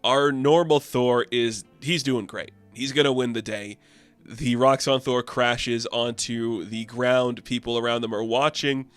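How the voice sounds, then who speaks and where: A man recapping a comic book issue in a chatty, loose, excitable way. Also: mid-range voice, a little slow, smooth, dry recording, soft background music. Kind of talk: casual review recap.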